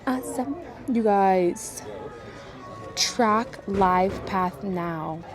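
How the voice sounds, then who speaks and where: A young woman in her twenties vlogging casually, emotional and excitable, gushing over her new app. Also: mid-range voice, extremely slow, over music. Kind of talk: casual vlog chat.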